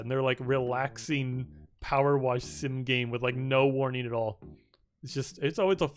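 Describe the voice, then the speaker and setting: A young man streaming a video game and commenting casually, excitable and rambling, swearing often and filling his speech with "like". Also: mid-range voice, moderate pace.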